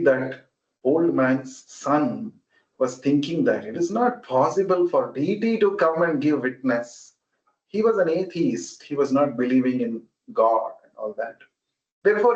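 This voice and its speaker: A man, a spiritual speaker in an online meeting, telling a devotional story in an unhurried way and acting out each character. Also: a little high. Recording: roomy, muffled online call audio.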